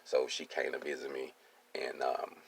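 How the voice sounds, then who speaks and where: Man: a very low voice with gravel in it, casual and streetwise, keeps checking in with the listener. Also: monotone, moderate pace. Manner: streetwise, keeps asking "you see what I'm saying". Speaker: welding business owner. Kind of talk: casual personal monologue.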